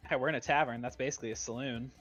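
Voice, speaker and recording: A man's voice: mid-range voice, fairly even intonation, rapid-fire, highs cut off. A man playing in an online tabletop game, joking and bantering with the group. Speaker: player. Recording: voice over call with loud game music.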